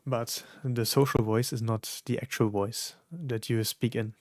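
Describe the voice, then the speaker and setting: A man streaming, reacting to songs in casual, reflective talk with many pauses and fillers. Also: mid-range voice, fairly even intonation, darkish tone, no room sound, studio quality. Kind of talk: casual live-stream commentary.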